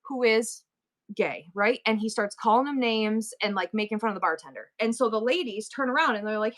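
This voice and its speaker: A middle-aged woman hosting a live selling stream, telling a story in a rambling, animated way full of asides and restarts. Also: fairly high pitch, brisk. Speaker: live-stream seller and host. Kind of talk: casual storytelling chat.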